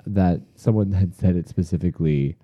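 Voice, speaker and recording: A man from Long Island telling animated stories in a casual chat, peppering them with "like.". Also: low voice, a little fast, dry recording, studio quality. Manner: animated storyteller, lots of "like".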